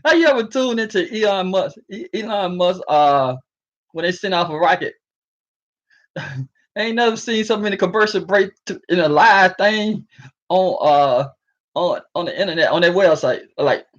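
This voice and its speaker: A man with a somewhat high voice talks to his viewers from home in a loose, rambling way, chuckling and slipping into slang. He sounds sleepy. The recording is muffled and lo-fi. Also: animated, moderate pace, fairly bright tone. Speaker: vlogger. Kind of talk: rambling casual monologue.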